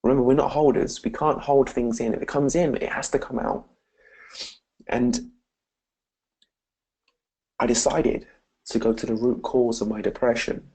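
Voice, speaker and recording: A man's voice: medium pitch, fairly even intonation, measured pace, long pauses, mellow, breathy edge, rough recording. A man with a British accent, a motivational speaker telling an earnest personal story and often calling his listeners "guys". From Britain. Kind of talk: personal story told to camera.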